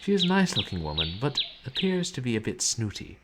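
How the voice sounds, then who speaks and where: A man's voice: medium pitch, very animated, fast talker, very noisy. A man casually commenting while playing an old game, with wry, musing asides.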